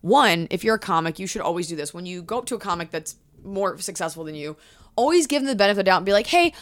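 A woman in her thirties talks fast, her voice sitting a little low. She is a comedian guest on a podcast. She tells animated stories and acts out what people said. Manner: quick, animated storytelling with acted-out quotes. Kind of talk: casual podcast chat.

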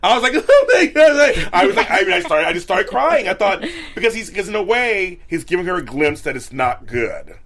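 A woman's voice: fairly low pitch, very animated, a little fast, few pauses, a bit bright. An older woman with grandkids, co-hosting a casual chat about a TV show, emotional and prone to repeating herself. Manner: emotional, repetitive, gushing. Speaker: podcast co-host.

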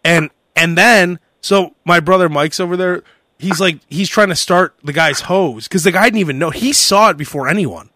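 A young man hosting a casual podcast, telling a story in a lively way and acting out the shouting of the people in it. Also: sits high, normal speed, no echo, studio quality. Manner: animated storyteller who acts out shouted quotes. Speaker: podcast host.

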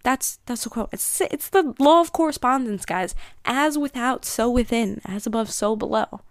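Casting note: young woman, podcast host, casual spiritual musing, rambling delivery, slightly high voice, dry recording. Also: animated, normal speed, dry recording. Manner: rambling, filler-heavy, frequent "like".

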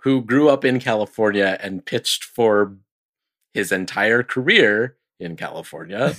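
Podcast co-host, man, lowish voice, chatty, laughs easily. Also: expressive, unhurried, fairly bright tone. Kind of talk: casual sports podcast chat.

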